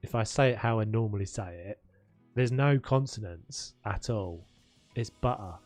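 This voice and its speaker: A man's voice: lowish voice, normal speed, darkish tone. A young man with a South London accent chatting casually on a live game stream, laughing often and trailing off mid-thought. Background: faint background music.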